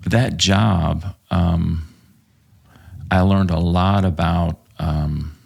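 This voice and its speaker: A former police officer from Texas, appearing as a podcast guest, tells stories casually with lots of swearing and "um"s. His deep voice is steady, dark-toned, and breathy-edged, with vocal fry and drawn-out words.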